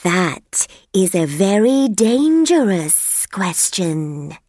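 A woman voicing a sleepy, stern snake in a storybook reading, speaking slowly and disapprovingly. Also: mid-range voice, very animated, darkish tone, no echo, clean studio sound, exaggerated voice. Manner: slow, measured, disapproving.

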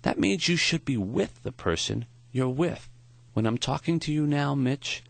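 A man voicing a frail elderly male professor in his seventies, with a foggy, high-pitched voice and a slow, soft, tender delivery. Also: vocal fry, no room sound. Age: 70s.

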